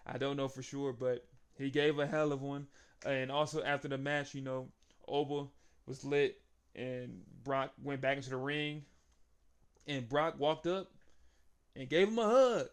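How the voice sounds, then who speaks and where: A young man giving an excitable, casual recap of a wrestling match, laughing often and acting out the wrestlers' lines. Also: mid-range voice, unhurried, clean tone. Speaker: wrestling show reviewer.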